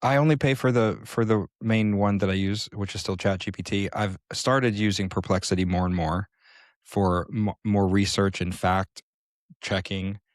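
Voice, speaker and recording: A man co-hosting a casual podcast, explaining at length and thinking aloud with frequent pauses. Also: fairly low pitch, fairly even intonation, dry recording, studio quality. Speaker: podcast co-host.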